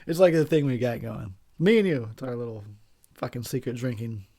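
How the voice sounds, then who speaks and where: A man's voice: mid-range voice, lively intonation, a little fast, warm tone. Giggly drunk man riffing on a movie. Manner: giggly, crude, rambling. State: drunk and high. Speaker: movie commentator.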